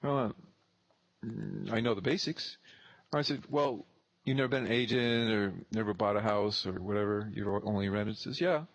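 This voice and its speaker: A man's voice: on the low side, normal speed, gravelly, no echo. A man in his thirties, a real estate investor telling a blunt, profane story and acting out both sides of the dialogue. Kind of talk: casual storytelling.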